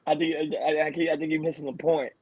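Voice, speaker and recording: A man hosting a podcast in casual chat, animated, laughing and slangy. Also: fairly high pitch, fast talker, no echo. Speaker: podcast host. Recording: dull, dry recording.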